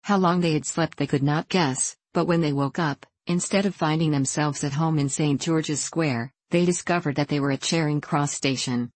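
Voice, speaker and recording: Low-voiced woman reading a storybook. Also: normal speed, few pauses, no echo. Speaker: narrator. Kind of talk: audiobook narration of a children's story.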